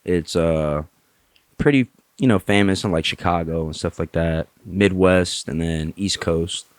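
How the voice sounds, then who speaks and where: A man's voice: low voice, measured pace, dry recording. A man, a podcast guest, telling a casual story with lots of swearing and acted-out voices. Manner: animated, swearing freely, acts out other people. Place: Tampa area.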